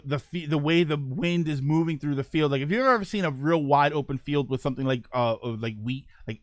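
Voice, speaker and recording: A young man chats casually about games as a show host, his voice fairly high and bouncing up and down a lot. He rambles, restarts sentences and fills gaps with ums. The sound is dry and close, with no room around it. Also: fairly bright tone, dry recording. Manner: rambling, many fillers and restarts. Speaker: podcast host. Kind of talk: casual gaming chat.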